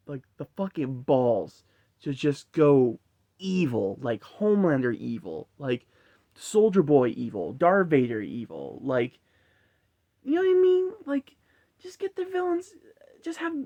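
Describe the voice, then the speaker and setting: A man's voice: fairly high pitch, a little mellow, dry recording. A man giving a casual, rambling film review full of swearing and frequent laughter. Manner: rambling, profane, laughs often. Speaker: movie reviewer.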